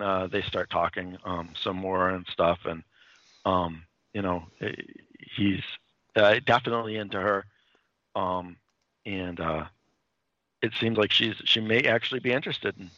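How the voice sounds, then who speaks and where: A man in casual conversation, rambling through a story with lots of ums and restarts. His voice is fairly low and bright, and the dry recording sounds a little dull and lo-fi. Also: no room sound. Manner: rambling, many fillers and restarts. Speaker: comics podcast co-host. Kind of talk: casual chat, retelling a comic's plot.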